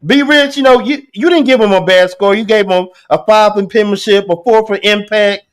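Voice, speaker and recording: A man with a strikingly high voice hosts a casual poetry talk. He talks in loose slang and keeps circling back with restarts. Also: normal speed, clear, resonant tone. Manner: animated, repetitive restarts, slangy. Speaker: host. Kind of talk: casual chat.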